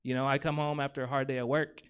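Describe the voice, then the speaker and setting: A man's voice: mid-range voice, level tone, fast talker, smooth. A man in his thirties doing stand-up comedy on a theater stage, rambling and self-deprecating, with lots of fillers and restarts.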